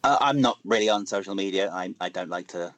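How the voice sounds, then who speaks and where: A man co-hosting a casual podcast, speaking in a measured way with dry humor. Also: low voice, a bit bright, no echo, poor audio. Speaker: podcast co-host.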